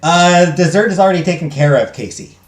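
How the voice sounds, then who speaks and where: A man's voice: high voice, brisk. A young man joking around as he plays a story game and reads its text aloud. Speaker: gaming streamer. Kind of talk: let's play commentary. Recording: echoey room, faint music.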